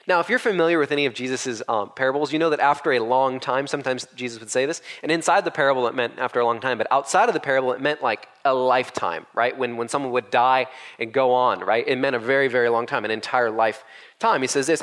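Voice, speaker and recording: A male pastor giving a conversational, animated sermon, acting out the verses he quotes. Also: medium pitch, quick pace. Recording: echoey hall.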